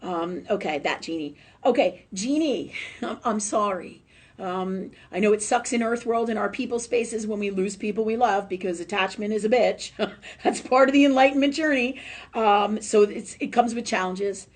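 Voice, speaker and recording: A woman hosting a live psychic reading, chatty and emotional, laughing often and filling pauses with "um". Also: medium pitch. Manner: warm, chatty, laughs often, many fillers. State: tearful at times. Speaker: psychic medium host.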